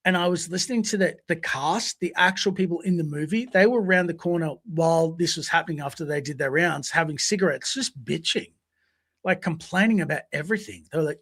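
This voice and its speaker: A man co-hosting a podcast, telling stories casually in an animated way, swearing freely and acting out voices. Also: fairly high pitch, brisk. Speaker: podcast co-host. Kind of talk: casual storytelling.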